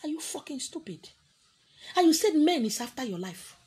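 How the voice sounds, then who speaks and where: A woman's voice: sits high, very animated, normal speed, darkish tone, slight background noise. A woman with a Nigerian accent, preaching as a spiritual teacher in a scolding, confrontational way. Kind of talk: preaching to an audience.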